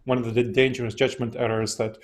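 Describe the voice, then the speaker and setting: A man's voice: mid-range voice, level tone, a little fast. A man speaking as an interview guest, telling his own story in a reflective, self-deprecating way. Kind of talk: casual storytelling.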